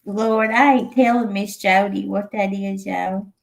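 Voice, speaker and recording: A woman's voice: mid-range voice, steady tone, measured pace, gravelly. A woman with a Southern US accent hosting a casual livestream chat, teasing her viewers and laughing often. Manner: laughs a lot, teasing, drawling. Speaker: livestream host. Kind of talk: casual chat reading live comments.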